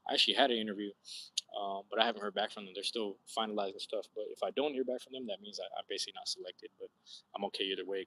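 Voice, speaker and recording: A young man talks to his viewers in a loose, slangy ramble, swearing freely and breaking into animated outbursts. His voice sits a little low, with a bright, forward edge. He sounds outdoors, relaxed and chatty. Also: rough recording. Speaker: vlogger chatting with live viewers. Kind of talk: casual live-stream chat. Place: outdoors at sunset.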